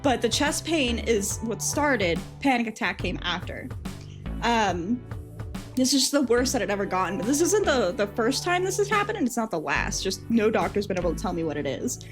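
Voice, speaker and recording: Young woman streamer telling a story, swearing freely, high animated voice over background music. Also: normal speed. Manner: animated, profane, laughs often while telling. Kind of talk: casual storytelling chat.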